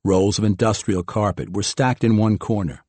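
Male audiobook reader, lowish voice, dry close sound, measured delivery. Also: steady tone, dark tone, no echo. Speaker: audiobook narrator. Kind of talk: scripted narration.

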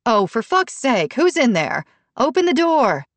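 A woman's voice: mid-range voice, animated, takes it slowly, a little mellow, no echo, pitched above the performer's own voice. A woman narrating an audiobook voices a frantic mother who demands answers in a raised, urgent voice. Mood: urgent, demanding. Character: frantic, forceful mother searching for daughter.

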